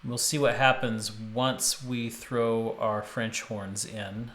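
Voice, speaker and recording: A man's voice: medium pitch, little pitch movement, slow pace, a bit bright, slight background noise. A man arranging music on a live stream, thinking aloud with restarts and chatting to viewers. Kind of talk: casual live-stream commentary. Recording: roomy with instrument playback. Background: musical instrument playback.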